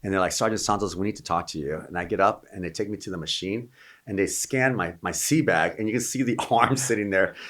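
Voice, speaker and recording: A middle-aged man with a deep, low voice tells a long war anecdote at a quick clip. He rambles, doubles back and restarts his sentences. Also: fairly bright tone, a little hiss or hum. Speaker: guest, Marine veteran. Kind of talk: casual storytelling.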